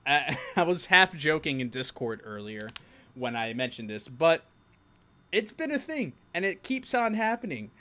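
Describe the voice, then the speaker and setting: A man's voice: a little high, very animated, a little slow, pushed and bright. A young man from New York with a New York accent, hosting a live-stream show and chatting casually with viewers, laughing often.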